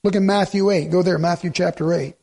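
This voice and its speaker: A man's voice: high voice, steady tone, fairly quick, dark tone. A man preaching a sermon in church, quoting scripture and asking his congregation rhetorical questions, sometimes sarcastic. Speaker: pastor.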